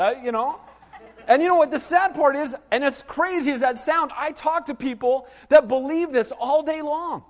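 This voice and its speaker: A middle-aged man preaching a sermon, telling lively stories and asking the congregation questions. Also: very high voice, moderate pace, in a large hall. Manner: animated storytelling with asides to the congregation. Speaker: pastor.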